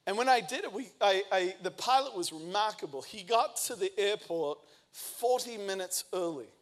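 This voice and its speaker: A man in his thirties preaching a sermon, telling a lively personal story and acting out the quoted lines. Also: high voice, moderate pace. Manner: energetic storytelling, acts out quotes. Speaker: pastor.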